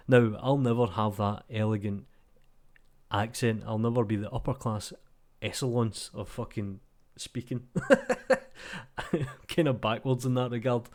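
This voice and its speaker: A man in his thirties with a broad Glasgow accent talks off the cuff, blunt and sweary. His voice sits at an ordinary middle pitch, and he sounds relaxed and self-mocking as he chats. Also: measured pace. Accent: Glaswegian Scottish. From Scotland. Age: 30s. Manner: playing a game while talking. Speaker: YouTube 3D tutorial creator. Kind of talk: casual rambling vlog chat.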